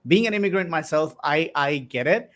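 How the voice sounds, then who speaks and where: Man, host, somewhat high voice, chatty, interview questions. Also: lively intonation, moderate pace, a bit bright. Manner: chatty, reads out viewer comments. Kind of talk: live-streamed interview hosting.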